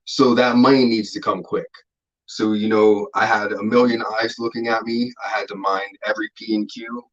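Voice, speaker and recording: A man as an interview guest, telling stories in a laid-back, rambling way, swearing freely and filling pauses with "um" and "like". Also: on the low side, level tone, muffled recording. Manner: laid-back, profane, rambling with many fillers. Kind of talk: casual storytelling interview.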